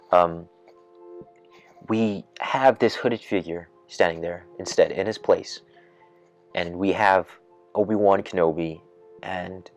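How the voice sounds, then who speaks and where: A man hosting a podcast in a casual rant, rambling with many fillers and restarts and getting worked up as he imagines things. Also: deep voice. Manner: grows excited and loud when imagining twists. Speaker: podcast host.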